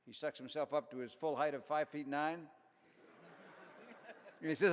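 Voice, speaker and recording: Older man, raised pitch, folksy deadpan joke teller, banquet speech, ringing hall reverb. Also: moderate pace. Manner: folksy, deadpan punchlines, chuckles at own jokes. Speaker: Army general giving a dinner speech. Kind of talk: after-dinner joke telling.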